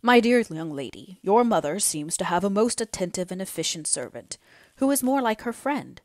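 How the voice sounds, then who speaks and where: A woman voicing a kindly older male doctor in an audiobook reading, speaking in a gentle, fatherly way. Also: mid-range voice, sing-song, moderate pace, no echo, clean studio sound, natural voice. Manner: soothing, fatherly.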